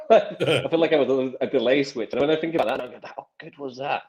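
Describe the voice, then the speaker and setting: A man's voice: mid-range voice, quick pace, a little mellow. A man in his thirties, a magician guest, telling stories in casual interview chat with many restarts and acted quotes.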